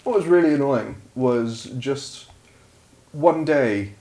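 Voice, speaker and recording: A man's voice: mid-range voice, animated, takes it slowly, dark tone. A man co-hosting a podcast in casual chat, dry and blunt, swearing offhandedly. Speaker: podcast co-host.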